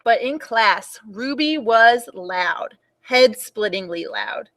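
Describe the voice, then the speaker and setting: Young woman reading a kids book out loud, really bright voice, animated storytime vibe. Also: a little high, slight background noise. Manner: animated, expressive, warmly slow reading. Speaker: children's librarian reading aloud. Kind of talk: children's storytime read-aloud.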